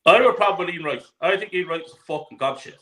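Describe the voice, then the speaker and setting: Irish man, high and bright voice, animated football host, swears freely, on a video call. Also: racing, rough recording. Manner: animated, swears freely, laughs mid-story. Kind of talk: casual chat, storytelling.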